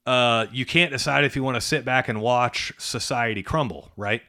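A man's voice: mid-range voice, normal speed, sharp tone. Middle-aged male co-host, casual and emphatic, ordinary mid-range voice. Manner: conversational, emphatic, rhetorical "right?" tags. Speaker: podcast co-host, trades business coach. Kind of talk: casual podcast chat.

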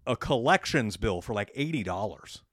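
A man's voice: lowish voice, lively intonation, normal speed, a bit bright, no room sound. Dry-voiced man co-hosting a podcast. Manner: storytelling, coaching business owners. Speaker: podcast co-host. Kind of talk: casual business podcast chat.

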